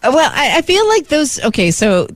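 A woman's voice: sits high, moderate pace, no room sound, clean studio sound. A woman telling a story in casual chat, acting out the voices of the people in it. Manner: animated storyteller, acts out voices.

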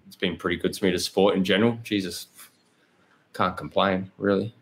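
Aussie guy on a podcast, lowish voice, blunt and sweary, laughs a lot telling his story. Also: fairly even intonation, a little fast, gravelly. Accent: Australian. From Australia. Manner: candid storytelling, swears freely, laughs often. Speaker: guest, pro cyclist. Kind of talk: casual podcast chat.

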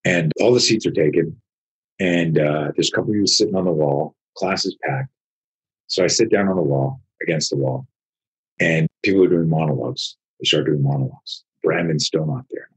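A story comes from a man whose very low, husky voice suggests an older martial arts teacher; he's animated and profane, freely swearing and acting out what others said in casual conversation. His pace is brisk and the recording is low-quality.

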